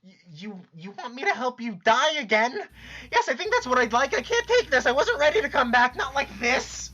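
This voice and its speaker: Woman putting on a weepy sprite girl, way high and bright, sobbing and begging, cracks all over. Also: very animated, normal speed, dull audio, heavily acted. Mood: desperate. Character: weeping dog-eared sprite girl, grief-stricken. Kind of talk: live-stream read-aloud of a web comic.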